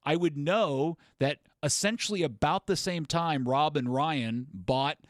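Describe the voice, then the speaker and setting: A man's voice: a little high, a little slow, dry recording, clean studio sound. A man co-hosting a casual chat, rambling through stories and poking fun at himself. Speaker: podcast co-host.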